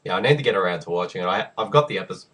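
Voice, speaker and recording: A man co-hosting a casual podcast, joking around and slipping into quick movie-line impressions. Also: low-pitched, expressive, fairly bright tone. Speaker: podcast co-host. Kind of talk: casual chat.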